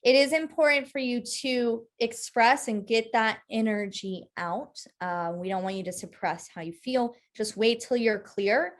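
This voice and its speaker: A woman's voice: fairly high pitch, a little slow, hardly any pauses. A woman co-hosting a casual discussion, explaining human design concepts and often checking in with "right?". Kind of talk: casual teaching chat.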